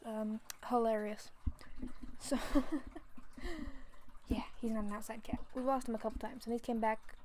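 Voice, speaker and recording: A woman's voice: fairly high pitch, darkish tone, slight background noise. A woman who chats in a rambling way and laughs often, sounding out of breath, before reading a fan story aloud. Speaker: fanfiction reader. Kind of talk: casual chat, then reading a story aloud.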